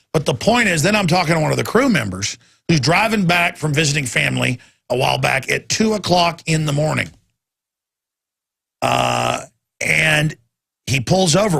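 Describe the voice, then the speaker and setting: A man hosting a talk radio show, ranting intensely in a rambling monologue that climbs to loud, excited peaks. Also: a little high, creaky, breathy edge.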